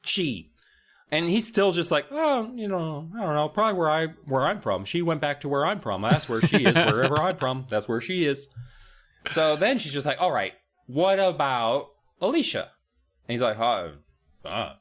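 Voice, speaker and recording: A man's voice: a little high, normal speed. A man co-hosting a comedic podcast, retelling a kids' horror book and acting out the characters in goofy voices. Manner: animated storyteller, acts out characters in goofy voices. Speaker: podcast co-host.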